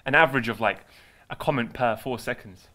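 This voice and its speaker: A young man co-hosting a casual football chat show, jokey and quick to laugh. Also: medium pitch. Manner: excitable, jokey, laughs often. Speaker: co-host. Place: studio in London.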